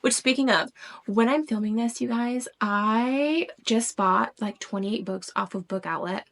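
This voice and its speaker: A woman, chatting excitedly about her books and now and then dropping to a whisper. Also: fairly high pitch, a little slow. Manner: gushing, excitable, drops into whispers. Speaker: book vlogger. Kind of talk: casual book haul chat.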